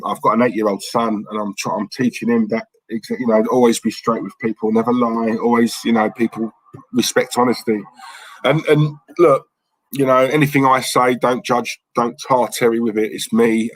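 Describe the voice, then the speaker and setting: Male streamer, talks straight and never stops, mid-pitched voice, dry close sound. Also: flat delivery, moderate pace, dry recording, rough recording. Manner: blunt, rambling, chatty, reads viewer messages aloud. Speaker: livestream host. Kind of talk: casual live-stream chat.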